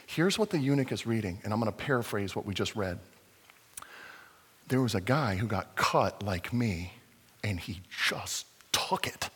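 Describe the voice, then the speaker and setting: Male pastor, animated sermon delivery, husky lively voice, long hall reverb. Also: lowish voice, moderate pace. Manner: animated, acts out scenes, swings from loud excitement to hushed.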